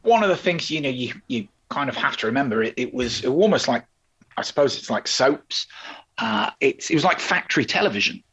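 In a sing-song, mid-range voice that is a bit bright and breathy-edged, a man talks fairly quickly. He's a podcast co-host in a casual, rambling chat about old television, filled with fillers and restarts.

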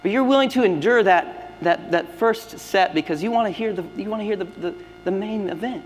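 A man preaching a sermon as pastor, swinging between loud emphatic lines and hushed, near-whispered ones. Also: high-pitched, brisk. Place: church sanctuary. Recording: long hall reverb with faint music.

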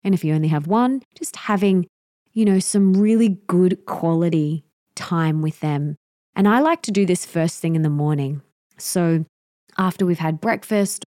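A woman's voice: sits low, warm tone, dry recording, clean studio sound. Earnest woman hosting a solo podcast. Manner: earnest, emphatic, repeats key points. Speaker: podcast host. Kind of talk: solo podcast giving parenting tips.

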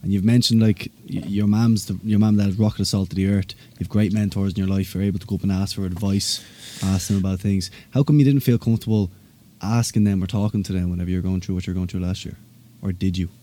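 A man's voice: low voice, fairly even intonation, fast talker, hardly any pauses, warm tone. A man hosting a podcast, asking the guest earnest, probing questions. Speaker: podcast host. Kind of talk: interview questions.

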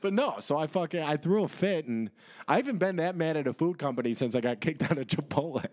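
A man in his twenties, a podcast co-host, telling a rambling story in casual chat, animated and swearing freely as he acts out the people in it. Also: on the high side, fast talker.

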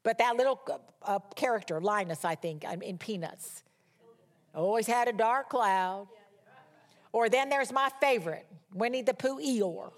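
A woman's voice: fairly high pitch, measured pace. Emphatic woman preaching a sermon. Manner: emphatic, repeats key words for stress. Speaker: Bible teacher. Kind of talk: conversational sermon.

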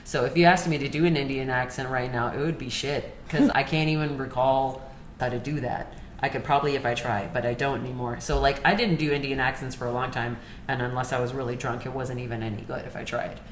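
A woman chatting casually on a panel, telling stories in an animated way and laughing often. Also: very deep voice, fast talker. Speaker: podcast panelist. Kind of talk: casual chat. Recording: echoey room, faint background noise.

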